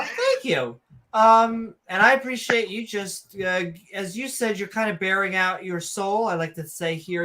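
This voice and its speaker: Bright-voiced man with a Northeast accent. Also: high-pitched, a little hiss or hum. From Philadelphia area. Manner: animated, rambling, lots of ums. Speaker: co-host. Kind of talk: casual podcast chat.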